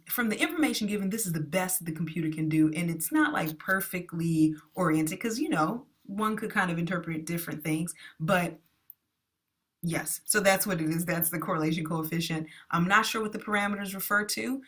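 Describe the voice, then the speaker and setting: A woman's voice: fairly low pitch, moderate pace, a bit bright. A woman teaching math in a screencast lesson, chatty and enthusiastic, often correcting herself as she goes.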